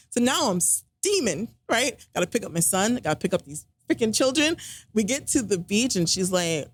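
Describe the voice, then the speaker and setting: This woman, a podcast guest, chats casually through a personal story full of fillers and acted-out quotes. She has a husky, medium-pitched voice with big pitch swings, speaking at a normal speed.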